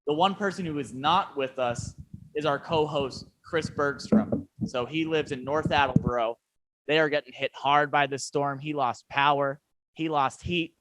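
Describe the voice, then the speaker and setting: A man's voice: a little high, normal speed, a bit bright, dry recording. A man hosting a podcast, introducing the show with dry, teasing humor. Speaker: podcast host.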